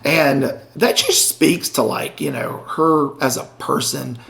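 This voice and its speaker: A middle-aged man with a gravelly, fry-edged voice tells a story on a podcast in a relaxed, chatty way. He acts out the other people in the story with lively put-on voices. His pitch sits in the middle. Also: slow. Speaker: podcast co-host. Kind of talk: casual storytelling chat.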